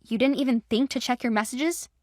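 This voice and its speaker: A woman's voice: a little high, fairly quick, no echo, clean studio sound, lightly acted. A woman doing a scolding protective cousin. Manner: scolding, like an annoyed older brother.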